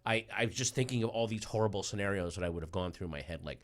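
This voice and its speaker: A man's voice: on the low side, fast. A man guesting on a casual comedy podcast, telling a story and ranting in sardonic riffs. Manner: sardonic, riffing, ranting asides.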